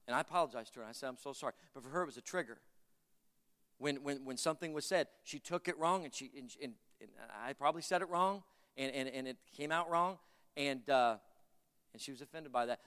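A man's voice: medium pitch, a bit bright, smooth. A male pastor preaching a fervent sermon, repeating phrases and calling for amens from the congregation. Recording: long reverb of a large hall.

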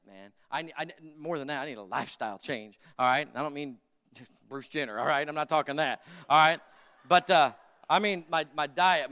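High bright-voiced preacher in a big reverberant hall. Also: male voice, clear, resonant tone. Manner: folksy, joking storyteller addressing the congregation. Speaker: pastor. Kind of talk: sermon.

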